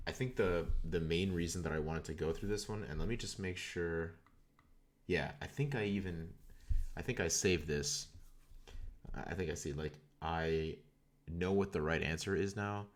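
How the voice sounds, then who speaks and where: Guy with a really low voice chatting on his coding stream, kinda rambly, keeps restarting his sentences, desk mic. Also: unhurried. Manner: rambling, frequent self-corrections and repeated words. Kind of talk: casual live-stream talk. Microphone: desktop USB condenser mic.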